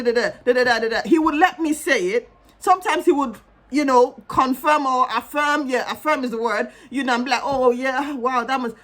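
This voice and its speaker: Middle-aged woman counselor, a bit high-pitched, earnest and chatty advice to camera. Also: fairly bright tone. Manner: earnest, conversational, many "you know" fillers. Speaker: marriage counselor.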